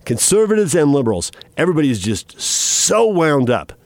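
A middle-aged man hosting a radio talk show, telling chatty stories in a casual, animated way. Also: on the high side, normal speed, dry recording. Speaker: radio host.

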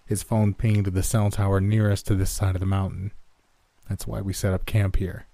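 A man's voice: sits low, flat delivery, moderate pace, creaky, dark tone, no echo. A man reading a curt, grieving young man. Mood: flat. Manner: curt, grudging. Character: grim, annoyed young man searching for his brother.

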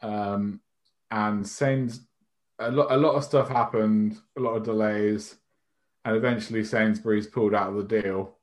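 Low-voiced, self-mocking podcast co-host. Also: male voice, steady tone, measured pace. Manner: rambling, self-mocking, swears and laughs. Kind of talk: casual chat.

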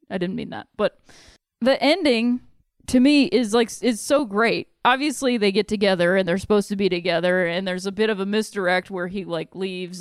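A woman's voice: mid-range voice, smooth, no room sound, studio quality. A woman talking casually about a film, chatty and laughing often, with casual swearing.

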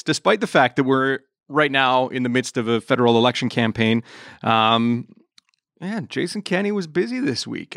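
A man's voice: medium pitch, a bit bright, dry recording. Man, podcast host, casual joking chat, fillers, dry sound. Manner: joking, loose, with frequent fillers.

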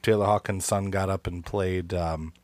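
A man's voice: low voice, steady tone, moderate pace, darkish tone, no echo. Easygoing man telling a story. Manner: rambling storyteller with frequent restarts. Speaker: podcast co-host. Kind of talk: casual chat.

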